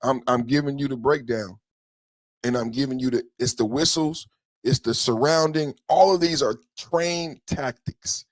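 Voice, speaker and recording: A man's voice: medium pitch, measured pace, no room sound. Dry-voiced man ranting on a podcast. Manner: rambling, repeats phrases, builds an argument. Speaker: podcast host. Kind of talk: ranting reaction commentary.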